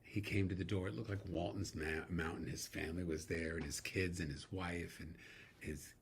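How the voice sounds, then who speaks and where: A middle-aged man, a guest actor, telling animated stories in a casual interview, laughing now and then. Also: deep voice, normal speed, creaky, slight background noise.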